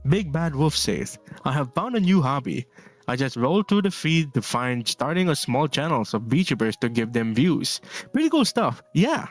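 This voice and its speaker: Relaxed rambling male streamer, music behind. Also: fairly high pitch, moderate pace. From Philippines. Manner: relaxed, rambling, laughs often, reads chat aloud. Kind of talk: casual chat while drawing.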